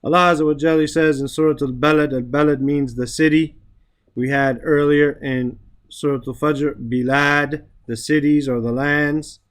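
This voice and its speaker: A man's voice: fairly high pitch, steady tone, normal speed. A man teaching an Arabic and Quran class, explaining grammar patiently, often checking with "right?", reciting verses and then translating them.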